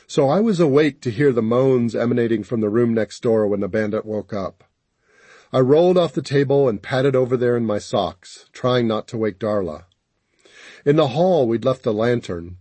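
A man narrating a first-person audiobook in a steady, even storytelling manner. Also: mid-range voice, husky, dry recording.

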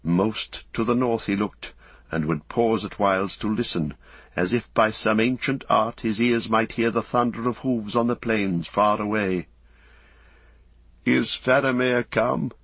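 A man narrating an audiobook in an even, steady storytelling voice. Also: lowish voice, a little slow, husky, no echo. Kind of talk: scripted narration.

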